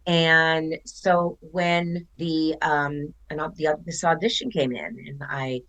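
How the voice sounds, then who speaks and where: Older actress guest, lowish bright voice, chatty storyteller who acts out quotes. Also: female voice, steady tone, slow pace, low-quality recording. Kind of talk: casual interview chat.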